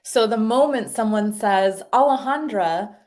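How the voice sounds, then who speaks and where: A woman of middling pitch explains her ideas in a loose, conversational way. She is animated and keeps slipping into little acted-out voices as she tells stories. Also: measured pace, soft background music. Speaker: guest speaker explaining identity.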